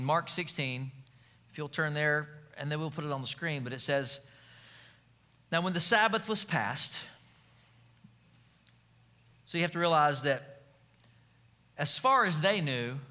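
A man's voice: measured pace, long pauses. A man preaching a sermon in a church, telling the story in a folksy, joking way. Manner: folksy, humorous storytelling with lively swings in pitch. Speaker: pastor.

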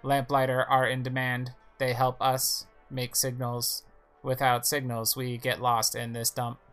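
A man voicing a maintenance robot in an even, unemotional delivery. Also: mid-range voice, unhurried, clean tone, soft background music, close to an everyday voice. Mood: mechanical.

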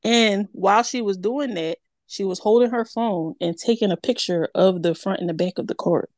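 A woman's voice: medium pitch, normal speed, no echo. A woman co-hosting a podcast, telling a story in casual chat and acting out her own reactions. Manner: animated, acts out her own reactions in quotes. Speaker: podcast co-host.

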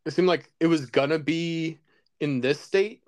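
A man's voice: fairly high pitch, a little slow, a little mellow, dry recording, clean studio sound. A man co-hosting a casual comedy chat, laid-back and laughing often, trailing off mid-thought. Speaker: podcast co-host.

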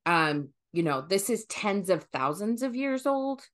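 A woman hosting a conversational podcast, talking in an animated way and thinking aloud with fillers and restarts. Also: mid-range voice, measured pace. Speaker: podcast host.

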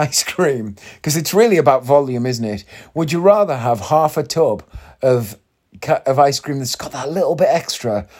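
A man's voice: medium pitch, darkish tone. Chatty, drowsy man podcasting. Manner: chatty and rambling, self-deprecating asides. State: tired and yawning. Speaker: podcast host. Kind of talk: casual solo podcast chat.

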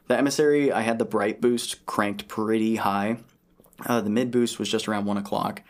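A man's voice: fairly low pitch, steady tone, moderate pace. A man hosting a casual chat, joking and rambling in a self-deprecating way. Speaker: host.

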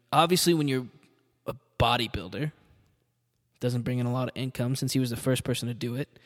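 A man's voice: medium pitch, big-room sound. Rambling, profane male podcast host. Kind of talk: casual solo monologue.

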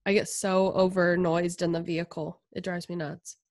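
A woman's voice: fairly low pitch, little pitch movement, dry recording, studio quality. A young woman co-hosting a podcast, casual and supportive, agreeing often. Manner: supportive, quick agreement, warm asides. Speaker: podcast co-host. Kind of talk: casual chat.

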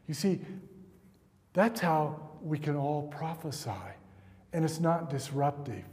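A man's voice: on the high side, steady tone, takes it slowly, long pauses, darkish tone. A man preaching a sermon and leading a fervent closing prayer. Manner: earnest, builds to fervent prayer. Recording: long hall reverb.

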